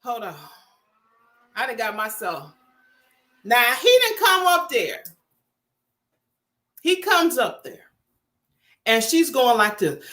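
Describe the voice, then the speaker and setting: Woman in her fifties, lively swooping pitch, casual live-stream storytelling. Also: slow, pauses often. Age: 50s. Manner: animated storytelling, laughing, dramatic swoops. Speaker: vlogger.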